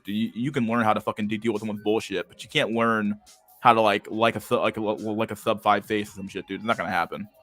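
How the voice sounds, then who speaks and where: A man's voice: lowish voice, fairly bright tone. A young man hosting a livestream and reading chat, talking in a crude, slangy, casual way and laughing often.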